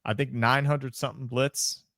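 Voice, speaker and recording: A man's voice: medium pitch, steady tone, moderate pace, vocal fry, fairly bright tone, dry recording, studio quality. A young man co-hosting a casual sports podcast, chatty, with lots of restarts and repeated words. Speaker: podcast co-host. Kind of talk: casual chat.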